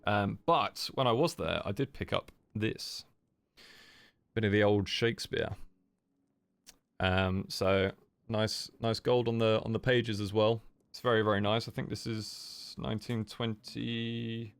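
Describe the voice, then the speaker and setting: Gravelly, sleepy-voiced young man. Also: fairly low pitch, steady tone, unhurried. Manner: soft, sleepy-sounding chatter; rambling, lots of fillers. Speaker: streamer. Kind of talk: casual livestream chat.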